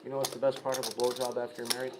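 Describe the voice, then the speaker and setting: Fast-talking, crude-joking man. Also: mid-range voice, level tone, background noise. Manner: quick, crude joker. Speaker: poker player. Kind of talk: casual table banter.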